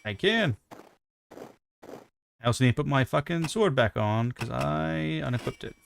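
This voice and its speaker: A man's voice: mid-range voice, animated, normal speed, gravelly, a little hiss or hum. A man streaming a video game, chatting casually with heavy swearing, ranting and mocking himself. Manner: profane, ranting, self-mocking. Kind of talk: casual gaming stream chat.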